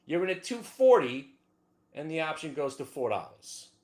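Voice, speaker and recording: Male trading-show host, fairly high voice with big swings, hyped and loud at peaks. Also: moderate pace. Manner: excitable, swings from low mutter to whooping shouts. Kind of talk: animated trading talk over charts.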